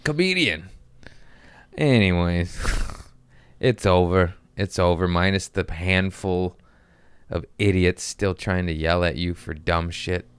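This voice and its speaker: Man, comedian podcast host, exasperated profane rant, deep voice, dry close sound. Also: slow, long pauses, clear, resonant tone, no echo. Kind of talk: comedic ranting monologue.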